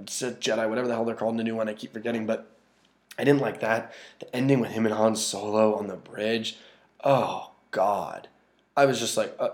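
A man's voice: on the low side, a little mellow. A man ranting casually and profanely about a movie he disliked, exasperated and often restarting his sentences. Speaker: movie reviewer. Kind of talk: casual film rant.

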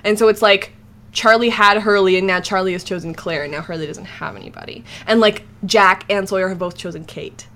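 A woman's voice: medium pitch, steady tone, a little fast, bright, forceful tone. A woman hosting a casual podcast chat, talking in a chatty, enthusiastic way with lots of fillers. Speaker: podcast host.

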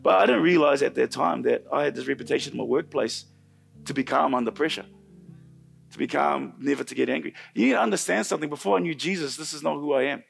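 A middle-aged man preaching a sermon in church, telling a personal story with animated swings from loud to hushed. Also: on the high side, fast, creaky, husky, soft background music. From New Zealand.

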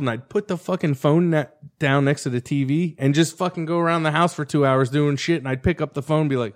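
A man's voice: fairly high pitch, fast talker, hardly any pauses. A young man telling a story in casual podcast chat, swearing freely and mimicking the people in it. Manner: animated, profane, mimics voices in his stories. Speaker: storyteller guest.

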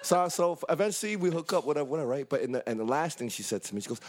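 A man and actor telling an animated, profane story in casual chat, acting out the voices. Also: mid-range voice, rapid-fire.

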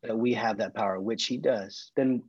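A man's voice: on the low side, moderate pace, husky, no echo. A middle-aged man, a guest author, earnestly telling stories in a faith-based interview. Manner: earnest storytelling, acting out quoted dialogue. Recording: dull lo-fi dry recording.

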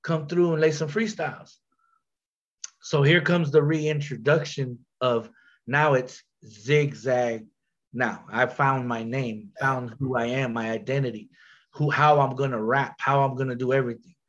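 A man with a nasal voice, a rapper guest telling a story in casual chat, slangy and quick to repeat and restart his words. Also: mid-range voice, steady tone, a bit bright, muffled recording.

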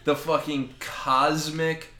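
A man in casual podcast chat, retelling a comic book with lots of swearing and quick acted-out lines. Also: fairly high pitch, roomy sound. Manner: animated, swears freely, acts out characters' lines.

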